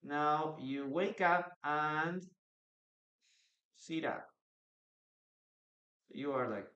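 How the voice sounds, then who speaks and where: A man's voice: fairly high pitch, drawn-out words, long pauses, sharp tone, dull audio. A man with a Peruvian Spanish accent teaching English in a live online class, answering viewers' questions from the chat. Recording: echoey room.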